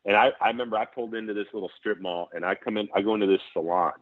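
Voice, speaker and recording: Lower-voiced man telling stories, phone-like. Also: very fast, no echo. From Saint Paul, Minnesota. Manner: animated anecdote-telling with laughs and restarts. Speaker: former NFL center, guest. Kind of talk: casual storytelling. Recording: tinny phone-like line, dry.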